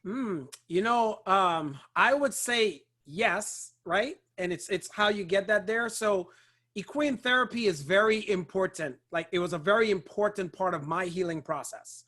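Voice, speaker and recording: A man hosting a Q&A call, relaxed and friendly in casual chat. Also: sits high, measured pace. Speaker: host of a Q&A call.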